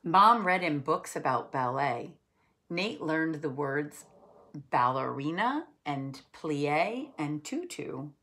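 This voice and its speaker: A woman reading a children's picture book aloud, telling the story in an expressive storytelling way. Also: low-pitched, slight background noise. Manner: expressive, unhurried storytelling with voiced characters. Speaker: storybook reader.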